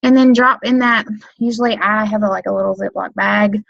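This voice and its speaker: Woman, casual webinar trainer, filler-heavy rambling, mid pitch, dull dry audio. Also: steady tone, a little fast, gravelly, fairly bright tone, no echo. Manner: rambling, lots of um, like and you know. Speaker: direct sales consultant training new team members. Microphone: computer mic on a webinar.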